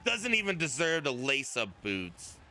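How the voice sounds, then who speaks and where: A man's voice: a little high, sing-song, a little slow, sharp tone, a little hiss or hum. A man doing wrestling commentary, trash-talking and mocking a wrestler. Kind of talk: heel-leaning play-by-play banter.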